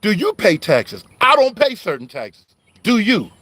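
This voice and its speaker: A man's voice: sits high, huge pitch swings, measured pace, a bit bright. A man giving a heated, preachy online call-out, riled up and confrontational, wired on coffee. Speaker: online religious commentator.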